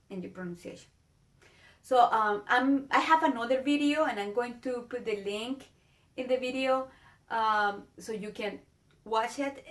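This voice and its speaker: Spanish-accented woman teacher, slightly high voice, unhurried, earnest; casual video lesson. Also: a bit bright. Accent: Spanish-speaking. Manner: earnest, drawn-out demonstrations of vowel sounds.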